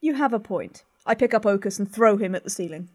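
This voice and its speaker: A woman's voice: mid-range voice, expressive, fairly quick, darkish tone. A woman playing a tabletop game, speaking in a dry, wry way. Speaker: player. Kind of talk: tabletop role-play.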